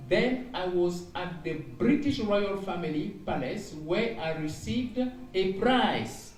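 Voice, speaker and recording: A man's voice: high voice, expressive, slow, soft background music. A man preaching as an evangelist, reading out dreams and interpreting them, with frequent exclamations and repeated phrases. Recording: echoey room heard from a distance.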